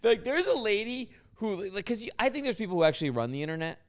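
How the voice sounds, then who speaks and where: A man's voice: high-pitched, sing-song, fast. A man hosting a comedy podcast, joking crudely and laughing a lot in casual chat. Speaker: podcast host.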